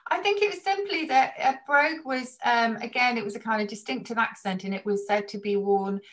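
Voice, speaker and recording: A woman's voice: a little high, fairly quick, a bit bright. A middle-aged woman speaking as a guest in a casual chat, thoughtful and explanatory. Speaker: guest language expert.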